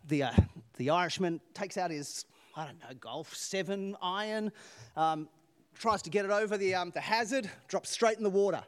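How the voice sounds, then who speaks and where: Guy preaching in a fairly high voice, jokey, lots of rhetorical questions. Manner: animated storytelling, rhetorical questions, laughs at own jokes. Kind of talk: sermon.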